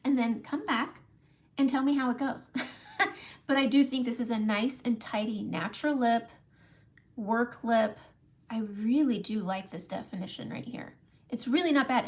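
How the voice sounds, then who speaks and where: A chatty middle-aged woman hosts a relaxed makeup livestream from home, with a voice pitched a little high. She talks viewers through each step, greets them by name, and laughs easily. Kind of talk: casual live makeup tutorial.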